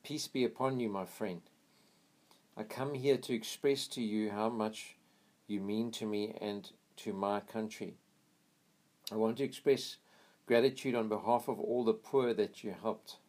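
A man's voice: fairly low pitch, a little slow, long pauses, a little mellow, lightly acted. A man voicing a grieving North African man who speaks earnestly at a friend's grave. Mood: solemn.

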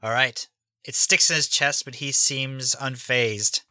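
A man runs a tabletop game and narrates the action plainly. His voice is very bright and forward, and it sits dry and close on the mic. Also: mid-range voice, fairly even intonation, a little slow, no echo. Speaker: game master.

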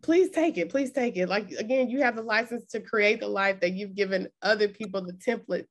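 A woman's voice: medium pitch, steady tone, fairly quick. A woman hosting a casual interview, emotional and effusive, close to tears as she talks. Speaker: podcast host and coach.

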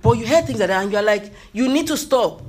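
High-voiced man preaching emphatically. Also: expressive, fairly quick, darkish tone. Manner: emphatic, repeats key phrases, calls out hallelujah. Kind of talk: motivational sermon.

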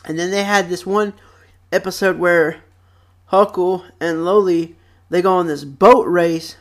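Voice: medium pitch, fairly even intonation, measured pace. Rambling young vlogger on a close mic. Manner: rambling, with many fillers and repeated phrases. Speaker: vlog host. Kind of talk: casual chat about childhood TV shows. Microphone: close microphone.

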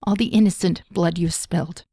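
A woman's voice: lowish voice, fairly even intonation, normal speed, creaky, mellow, breathy edge, no echo, clean studio sound. A woman playing a defiant young male captive who sneers at his captors.

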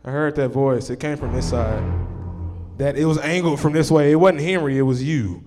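Dude doing standup at a club, brash and crude, yells at hecklers. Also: male voice, on the high side, moderate pace, over music. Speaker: stand-up comedian. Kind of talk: stand-up set. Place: comedy club stage.

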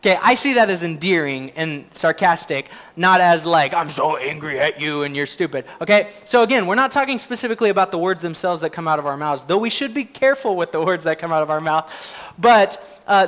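A pastor with a high, slightly bright voice preaches a sermon in an earnest, conversational way. He uses lots of fillers and often laughs at himself.

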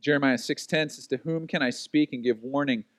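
A man preaching a sermon, telling stories with lively energy and acting out the voices of the people he quotes. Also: mid-range voice, a little fast, dry recording, clean studio sound. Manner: animated storytelling, acts out quoted voices. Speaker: pastor.

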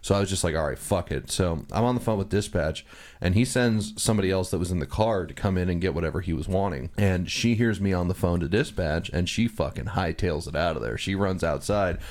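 A man's voice: low-pitched, fairly quick, darkish tone. A man co-hosting a comedy podcast, telling a blunt and profane story in casual chat. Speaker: podcast co-host.

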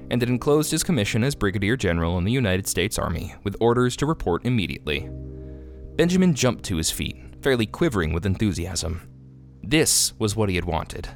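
A man narrating a classic short story as a podcast reader, expressive and measured. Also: lowish voice. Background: guitar music.

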